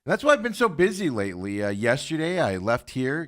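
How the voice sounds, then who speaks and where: A man's voice: mid-range voice, big pitch swings, moderate pace, hardly any pauses, fairly bright tone. A man hosting a casual sports talk show, joking and chuckling between his points. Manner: joking, chuckling often, restarts.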